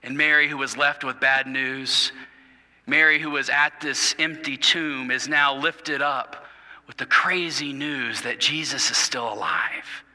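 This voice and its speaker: A man preaching a sermon as pastor, telling the story dramatically, dropping to hushed tones and repeating words as he goes. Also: mid-range voice, fairly even intonation, a little slow. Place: church sanctuary. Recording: reverberant church hall.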